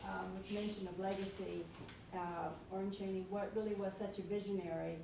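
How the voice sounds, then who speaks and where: A woman's voice: medium pitch, flat delivery, a little fast, gravelly. Hesitant woman speaking in an echoey room. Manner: hesitant, many fillers. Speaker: author speaking at a historical society. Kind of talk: informal public talk. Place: meeting room. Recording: echoey room, mic far off, room noise.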